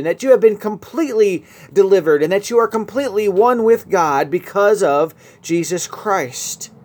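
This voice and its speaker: A male radio preacher with a slightly higher voice delivers an earnest sermon. He speaks straight into a studio microphone and swells to emphatic peaks. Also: darkish tone.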